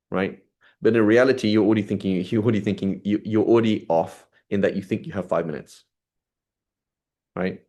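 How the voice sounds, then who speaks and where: A man's voice: lowish voice, steady tone, fairly quick, warm tone. A man teaching a religious class in a conversational way, often checking in with "right?" and explaining old texts in plain words. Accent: British English. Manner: conversational, asks "right?" often, reads Arabic then paraphrases. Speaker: Islamic studies teacher. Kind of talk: class lecture on a classical text.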